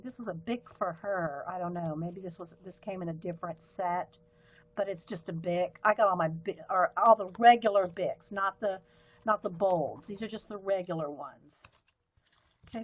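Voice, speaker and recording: A woman's voice: medium pitch, moderate pace. A woman hosting a casual live stream, chatting to her viewers in a rambling way and laughing often. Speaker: livestream host.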